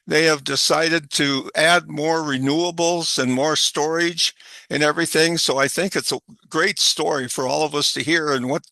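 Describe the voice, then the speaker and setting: A man's voice: on the high side, sharp tone, dry recording. A man hosting a webinar, introducing the guest speaker in a loose, rambling way. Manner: loose, rambling, restarts and chuckles.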